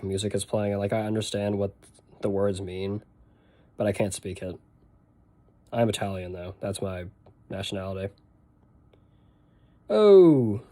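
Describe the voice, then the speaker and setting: A young man with a Boston accent talks his way through a game stream in loose, rambling chat, stopping to answer questions from his viewers. His voice sits on the low side and sounds mellow and relaxed. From northeastern United States. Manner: chatty, rambling, answers chat while playing. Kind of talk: casual gameplay stream chat.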